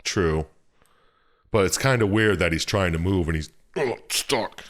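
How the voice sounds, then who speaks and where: A man with a very low voice talks through a story in a relaxed, rambling podcast chat. He swears freely and laughs easily along the way. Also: a little slow. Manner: loose, profane storytelling with frequent laughs. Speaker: podcast co-host. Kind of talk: casual chat recapping a video game.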